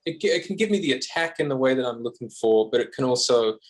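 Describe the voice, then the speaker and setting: A man's voice: medium pitch, animated, fast talker, soft background music. A man with an Australian accent, a guest guitarist on a podcast, talking casually and self-deprecatingly with lots of fillers and restarts.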